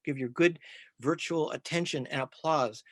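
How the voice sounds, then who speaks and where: A man's voice: on the high side, normal speed, fairly bright tone, dry recording. A man hosting a library author event, introducing guests over a video call in a hesitant way with many ums.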